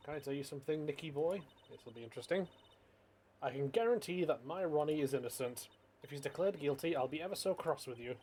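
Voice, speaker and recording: A man's voice: on the high side, expressive, fast, darkish tone, slight background noise, natural voice. A man voicing a sweet, doting woman in a video game who speaks in a cooing tone. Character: sugary, doting young woman.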